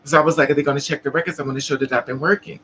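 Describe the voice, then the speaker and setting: A woman's voice: deep voice, fairly even intonation, rapid-fire, a bit bright, slight background noise, low-quality recording. A trans woman telling a story casually to her live chat, laughing often and acting out the other people in it. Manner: chatty, laughing, acts out other people's lines. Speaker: vlogger.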